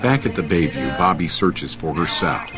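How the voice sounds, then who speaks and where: A man reading scripted audio description in an even, measured way. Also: rumbling low, loud music behind the voice.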